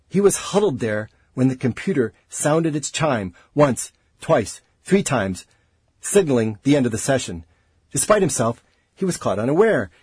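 A man narrating an audiobook in an expressive, dramatic way. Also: medium pitch, slightly rough, dry recording.

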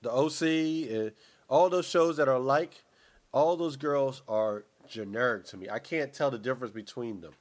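A man's voice: mid-range voice, moderate pace. A man in casual chat, talking in a rambling, opinionated way with many restarts.

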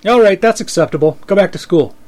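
A man reading a story aloud and voicing a blunt, teasing middle-aged neighbor who makes deadpan threats. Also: high voice, fast, voice pushed up, close to an everyday voice. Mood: amused.

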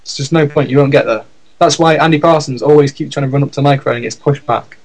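A young man talking loosely as a podcast co-host, rambling with plenty of ums and half-finished restarts. His voice sits at an ordinary middle pitch, and his chat is casual and sweary. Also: fairly even intonation, fast talker, darkish tone, poor audio.

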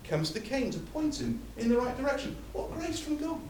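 Man, preacher, sermon, emphatic, lively intonation, distant mic, reverberant hall. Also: extremely high pitch, brisk, gravelly, a little hiss or hum. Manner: emphatic, builds through repeated phrases. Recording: echoey hall from far off.

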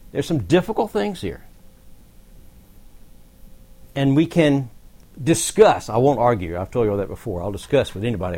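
A man's voice: mid-range voice, darkish tone. A man teaching a Bible study, explaining verses in a conversational way with asides to the group. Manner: conversational, explanatory, occasional laughs.

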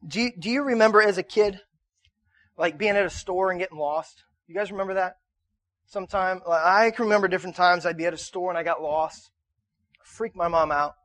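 Pastor, male, 30s, high voice, dry close sound, chatty sermon delivery. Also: a little fast, dry recording. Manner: conversational, repeats himself, builds to shouting in anecdotes. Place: church auditorium.

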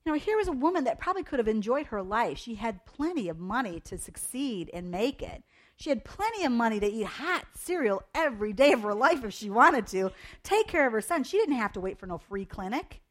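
A woman's voice: fairly high pitch, big pitch swings, brisk. A middle-aged woman giving a casual devotional talk to young people, chatty and rambling through personal stories. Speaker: youth devotional speaker.

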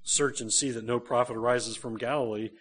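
A man's voice: mid-range voice, steady tone, brisk, a bit bright, slightly rough. A man, a pastor, preaching a conversational sermon to a church congregation.

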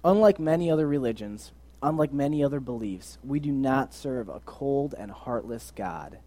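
A young man giving a casual, earnest sermon, moving between loud emphasis and quiet, soft asides. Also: medium pitch, expressive, normal speed. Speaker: preacher.

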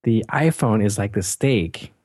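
A male co-host with a lowish voice who talks in a relaxed, playful way and laughs easily. The sound is close and dry, with no echo. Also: a little slow. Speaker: podcast co-host. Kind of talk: casual podcast chat.

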